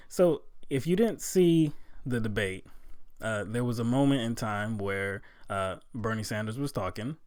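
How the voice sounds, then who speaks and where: A man talking through political commentary in a loose, conversational way, full of fillers, growing loud and incredulous at times. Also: lowish voice, dry recording, clean studio sound. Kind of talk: casual political commentary vlog.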